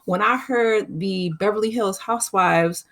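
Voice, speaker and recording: A woman's voice: mid-range voice, a little slow, gravelly, a bit bright. A woman hosting her channel, chatting casually through a movie recap and laughing often. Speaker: channel host.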